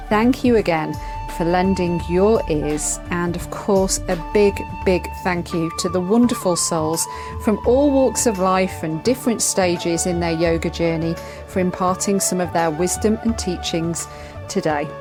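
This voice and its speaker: Heartfelt woman podcast host over music. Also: on the low side. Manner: warm, heartfelt, gushing. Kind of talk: interview and scripted outro.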